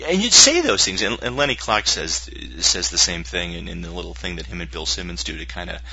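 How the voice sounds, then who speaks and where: A man co-hosting a casual sports podcast, jokey and animated, who likes to slip into silly voices. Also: low voice, brisk, vocal fry, slightly rough, muffled recording. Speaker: podcast co-host.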